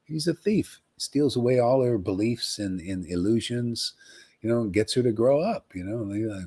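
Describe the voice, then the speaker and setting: A man preaching on a livestream in an emphatic, animated way, often tossing in "man.". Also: medium pitch, normal speed, breathy edge. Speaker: spiritual teacher.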